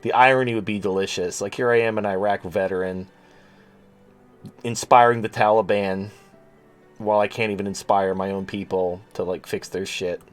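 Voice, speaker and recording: A man's voice: fairly low pitch, fairly even intonation, moderate pace, soft background music. A man hosting a livestream show, ranting in a profane, sarcastic, rambling way. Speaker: show host. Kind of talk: livestream rant.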